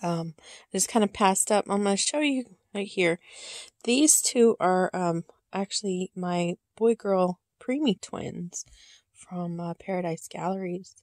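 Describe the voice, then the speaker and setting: Woman, slow halting speech, gravelly, soft-spoken, near-whispers, emotional, casual vlog. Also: on the low side, no echo, studio quality. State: emotional, holding back tears. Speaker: reborn doll collector showing her dolls. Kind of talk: casual show-and-tell vlog.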